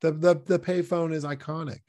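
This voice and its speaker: A man's voice: fairly high pitch, fairly even intonation, brisk, warm tone, no room sound. A man co-hosting a podcast in casual chat, rambling, slangy and swearing freely with lots of fillers. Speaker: podcast co-host.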